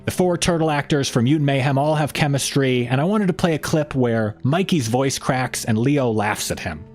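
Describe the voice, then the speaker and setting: A man hosting a casual live-stream chat, rambling along with plenty of fillers and restarts. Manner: lively pitch swings when joking. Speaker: host.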